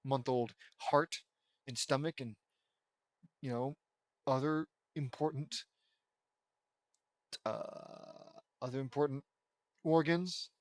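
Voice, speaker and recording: A man's voice: mid-range voice, steady tone, slow pace, long pauses, dry recording. A man reading a fan fiction story aloud, breaking off into sarcastic, swearing asides. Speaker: audiobook reader.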